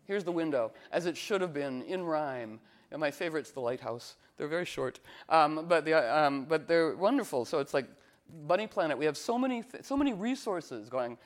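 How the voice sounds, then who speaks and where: A man teaches astrology informally at a moderate pace with lively intonation. His delivery wanders, packed with fillers and false starts, and he voices quotations with abrupt leaps in pitch.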